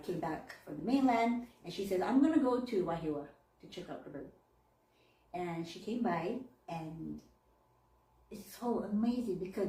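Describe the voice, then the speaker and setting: A woman minister telling a story in a sermon, animated and often laughing. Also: medium pitch, recorded from a distance. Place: church. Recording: echoey church from off-mic.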